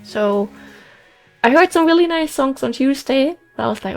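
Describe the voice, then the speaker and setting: A young woman with a high voice hosts a let's play, chatting at normal speed while gaming, rambling, excitable, and emotional, sounding worn out after a concert. She restarts and sighs, with faint music playing behind her.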